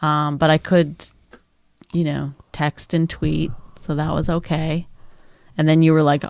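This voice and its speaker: A middle-aged woman co-hosting a podcast, her voice sitting a little low in her range. She tells stories in casual chat and pitches up sharply to act out what others said. The sound is dry and close. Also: a little slow, gravelly, no room sound. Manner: animated storyteller who acts out quotes in a high voice. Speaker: podcast co-host.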